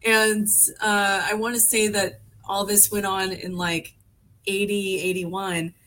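A woman in her forties from Alaska joins a podcast as a guest, chatting casually in a rambling way full of fillers and restarts. Her mid-range voice is level, slow, and a bit bright.

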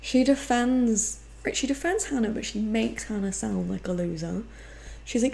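Woman, podcast co-host, gravelly tone, animated casual recap with quoted character voices. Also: fairly high pitch, normal speed, slight background noise. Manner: animated, acts out characters' lines.

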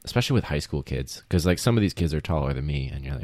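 A young man hosting a casual podcast, rambling with lots of fillers and quick laughs. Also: extremely low pitch, expressive, darkish tone, no echo. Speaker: podcast host, teacher.

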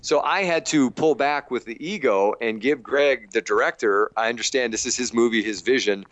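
A middle-aged actor talking casually in an interview, self-deprecating and animated when he quotes others. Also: mid-range voice, normal speed, dry recording.

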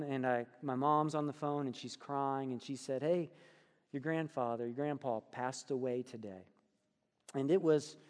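A middle-aged male pastor preaching a sermon, weaving in personal stories with an earnest delivery that sinks to hushed tones and rises to emphatic ones. His voice sits high for a man. It rings out with the long reverb of a church hall. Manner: earnest, swings between soft hushed passages and emphatic lifts. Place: church sanctuary.

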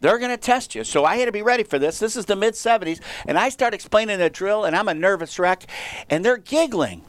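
A man in his sixties, a teacher, telling animated stories in casual chat in a radio studio and laughing often. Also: high voice, quick pace, no room sound. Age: 60s. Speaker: radio show guest teacher. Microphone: studio microphone.

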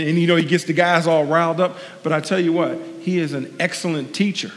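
A man's voice: on the high side, fairly even intonation, brisk, hardly any pauses, big-room sound. A man delivering a sermon as a guest preacher, earnest and conversational, repeating his key lines for emphasis with personal asides. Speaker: guest preacher, sports team chaplain.

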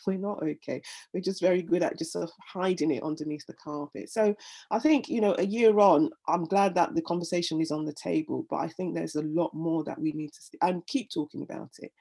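A middle-aged woman with a fairly low-pitched, dark, breathy voice shares her personal story as an interview guest. The talk is candid, and she's earnest and heartfelt, frequently repeating words as she pulls her thoughts together.

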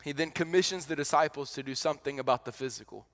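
High-voiced, conversational male pastor. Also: fast. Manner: conversational and animated, repeats words in restarts. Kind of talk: sermon.

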